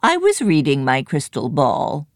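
A woman voicing a crooked old female fortune-teller, croaking and shrill, in a storybook reading. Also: wildly swooping pitch, measured pace, no room sound, clean studio sound, heavily acted. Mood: croaky matter-of-fact.

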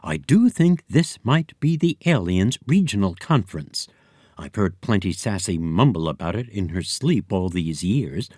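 A man's voice: sits low, very animated, unhurried, darkish tone, no echo, clean studio sound, full character voice. A man voicing a grand female elephant who talks in a fluty, drawling society lady's voice. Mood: hushed. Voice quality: fluty, cooing.

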